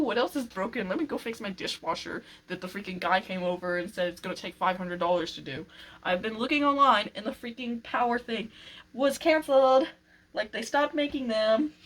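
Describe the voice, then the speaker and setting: A woman's voice: mid-range voice, a bit bright, poor audio. A woman in a casual chatty vlog, rambling and exasperated, often laughing, talking at home while she works on furniture. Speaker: vlogger. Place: home, working on a furniture project.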